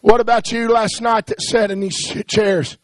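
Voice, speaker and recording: A man preaching a sermon, swinging from hushed pleading to rising, shouted cadences. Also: high-pitched, flat delivery, moderate pace, dry recording.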